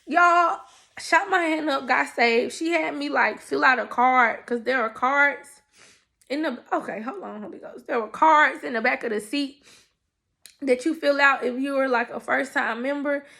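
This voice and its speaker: A young woman telling her faith testimony in a casual, animated, emotional way, talking straight to her listeners. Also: high voice, unhurried, gravelly. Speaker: person sharing a faith testimony. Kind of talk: casual storytelling.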